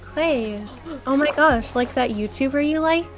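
Laid-back woman over clear music. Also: high voice, unhurried. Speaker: gaming guest. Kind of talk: casual gaming chat.

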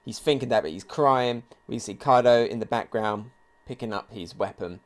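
A man hosting a live comic reaction video, reading pages aloud and thinking out loud with excitement. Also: medium pitch, normal speed. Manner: excitable, thinks aloud, reads quotes along. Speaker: manga reaction video host.

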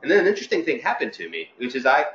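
A man's voice: medium pitch, rapid-fire, slight background noise. Middle-aged man, physician, casual storytelling talk, echoey lecture room, slightly muffled sound. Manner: conversational storytelling with lively quoted voices. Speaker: physician speaker at a training seminar. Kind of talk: informal talk to fellows.

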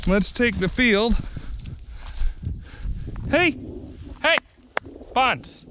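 A pet owner out on a trail, coaxing dogs in high sing-song calls, recorded on an action camera. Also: big pitch swings, a little slow, slight background noise. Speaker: pet owner filming a dog walk. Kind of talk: casual vlog talk to pets. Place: outdoors, field and trail. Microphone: action camera worn while out with the dogs.

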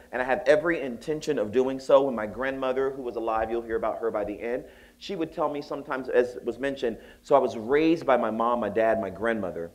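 Animated male keynote storyteller. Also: medium pitch. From Southern United States. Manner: animated, jokey storytelling with acted voices. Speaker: keynote speaker. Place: conference hall.

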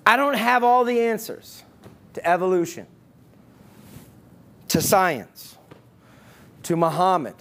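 A man's voice: fairly high pitch, a bit bright, exaggerated voice. A man voicing a plain-spoken, sarcastic man who was born blind, speaking with bold, incredulous emphasis. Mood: humble.

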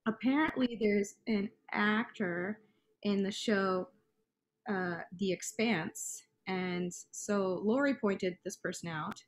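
A woman's voice: mid-range voice, slow. A woman co-hosting a casual chat, talking loosely and trailing off mid-sentence. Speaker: podcast co-host.

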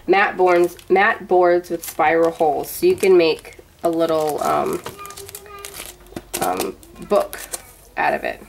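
Woman, 30s, lower-pitched, chatty unboxing vlogger, rambling and gushing; light background hiss. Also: big pitch swings, slow pace, creaky, rough recording. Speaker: vlogger showing a gift box. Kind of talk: casual show-and-tell unboxing.

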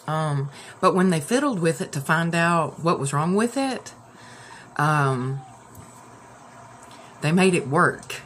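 A woman's voice: low voice, lively intonation, slow, long pauses, slight background noise. A woman hosting a casual live stream, upset and near tears, rambling with many fillers and restarts.

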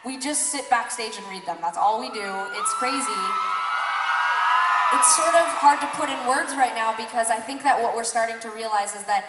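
A woman's voice: on the high side, normal speed, reverberant, over loud music. A young adult woman musician giving emotional, rambling banter from a concert stage. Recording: live concert mic, far, loud crowd and noise.

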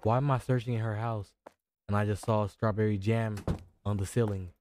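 A man's voice: fairly low pitch, steady tone, fairly quick, background noise. A young man giving jokey let's-play commentary on a horror game, reacting aloud and talking back to the characters. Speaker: gaming YouTuber.

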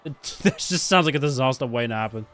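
A young man streaming a game live, excitable and foul-mouthed, reacting loudly and laughing often. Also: fast, dry recording, faint music behind. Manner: excitable, swearing, laughing often, jumps up and down in pitch.

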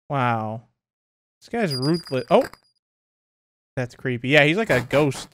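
A man's voice: medium pitch, big pitch swings, slow pace, long pauses, a bit bright, no echo. A young man giving casual let's play commentary on a horror game, jumpy and laughing, yelping when startled. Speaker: gaming YouTuber.

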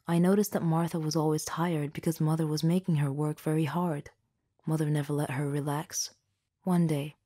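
A woman tells a first-person story in a low voice with a mellow, warm tone. Her reading is steady and even, like scripted narration. It sounds like storybook voice-over.

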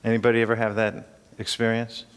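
A man's voice: fairly low pitch, monotone, fast, clean tone, long reverb tail. An older man teaching a class in an informal, conversational way, often asking questions of the room.

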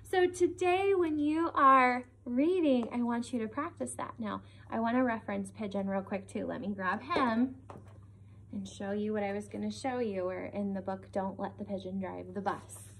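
Speaking at a medium pitch and moderate pace, a young adult woman leads young kids through a reading lesson. She's expressive and encouraging, pausing for small check-in questions, and there's a faint hiss or hum in the recording.

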